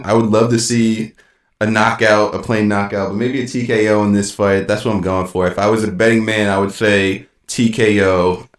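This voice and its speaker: A man co-hosting a casual sports podcast, talking with excited, rambling enthusiasm and frequent restarts. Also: on the low side. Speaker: podcast co-host. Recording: roomy echo.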